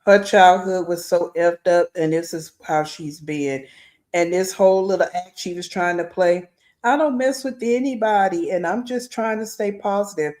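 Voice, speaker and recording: A woman's voice: lowish voice, normal speed, darkish tone. A woman hosting reaction commentary, blunt and critical, talking straight to her viewers. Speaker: commentary host.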